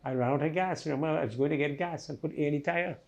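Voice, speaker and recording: An older man tells his own life story in a relaxed, conversational way, sliding into a hushed tone at intense moments. His voice is gravelly with a mellow, dark colour, pitched a little above typical. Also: very fast. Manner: vivid, conversational retelling with tag questions. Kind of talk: personal life-story interview.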